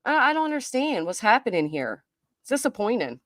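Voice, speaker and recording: A woman's voice: fairly high pitch, sing-song, a little fast, fairly bright tone, no room sound, clean studio sound. A woman doing live reaction commentary, chatty and reading viewer comments aloud. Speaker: commentary streamer.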